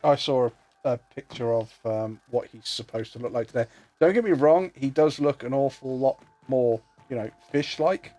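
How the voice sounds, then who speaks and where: A man's voice: medium pitch, normal speed, mellow, faint music behind. A man chatting casually and joking with friends while streaming a video game, muttering to himself as he plays. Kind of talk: casual gaming livestream chat.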